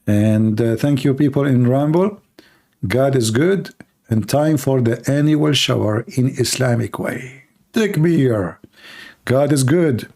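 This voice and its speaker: A man's voice: medium pitch, unhurried, warm tone. Sarcastic rambling man with an Arabic accent. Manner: sarcastic, rambling with many fillers. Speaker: live stream host. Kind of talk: mocking casual monologue.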